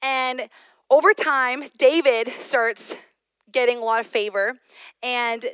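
Woman, sermon, animated storytelling, frequent laughter, high pitch, smooth tone. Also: takes it slowly, no echo. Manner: animated storyteller, laughs often, addresses listeners as y'all. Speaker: women's ministry speaker.

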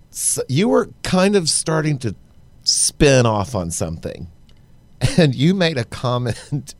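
A man from Texas hosting a podcast, telling a story in casual, animated chat. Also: medium pitch. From Baytown, Texas. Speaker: podcast host.

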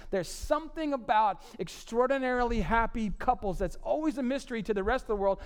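A man in his forties preaching a sermon on marriage, swinging between loud emphatic lines and low quiet asides. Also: clean tone. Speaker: pastor.

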